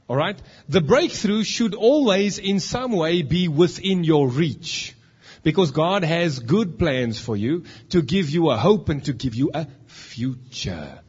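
A preacher talks to his congregation in a playful, teasing way, stopping to joke with people in the pews. His voice is fairly high for a man and a bit husky. The sound is dull and muffled, as if recorded on a low-quality setup in a church. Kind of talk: lively sermon with audience demonstration. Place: church hall.

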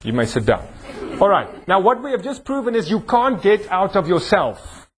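In a church hall, a pastor with a South African accent preaches a sermon and jokes around with a volunteer. His voice sits high with a sing-song lilt at normal speed, and there's a little hiss or hum in the recording. He teases the volunteer playfully and preaches with rising emphasis.

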